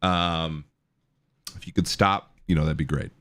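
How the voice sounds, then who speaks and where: A man in his thirties hosts a live stream, chatting casually, cracking jokes, reading out chat, and thanking subscribers. He has a bass voice with fairly even intonation, a slightly slow pace, and a bit of brightness.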